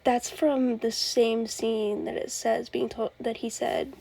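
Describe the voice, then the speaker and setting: A woman's voice: on the high side, steady tone, takes it slowly, vocal fry, mellow, slight background noise. A young woman hosting a casual fan commentary, chatty, laughing often and restarting her sentences. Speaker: host.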